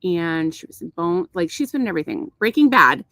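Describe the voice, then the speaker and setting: A middle-aged woman co-hosting a podcast, telling stories in an animated, profane, casual way. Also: lowish voice, a little fast, vocal fry, no echo. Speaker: podcast co-host. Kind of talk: casual chat.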